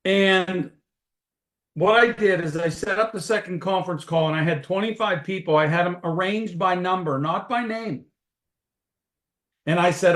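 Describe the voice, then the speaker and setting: Animated storytelling man on a webinar. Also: high voice, normal speed, reverberant. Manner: energetic, folksy, animated storyteller. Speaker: network marketing distributor leading a webinar.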